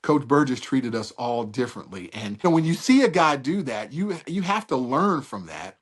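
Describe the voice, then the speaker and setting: A man's voice: mid-range voice, big pitch swings, normal speed. A middle-aged man, a veteran sports broadcaster telling stories as a guest in a casual interview, with emphatic, preacher-like rhetorical questions.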